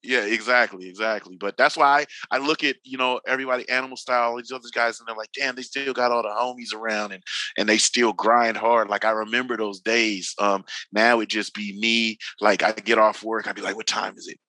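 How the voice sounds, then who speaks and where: A drifting veteran in his forties from Northern California chats casually as a podcast guest, telling loose, slangy stories, swearing freely and acting out what people said. His voice is lowish, steady, a little fast, pushed and bright, on a dry, low-quality recording.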